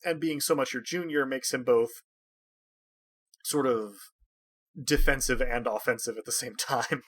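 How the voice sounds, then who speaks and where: A man's voice: medium pitch, steady tone, measured pace, fairly bright tone. A man narrating a tabletop game as game master, wry and dotted with hesitant fillers.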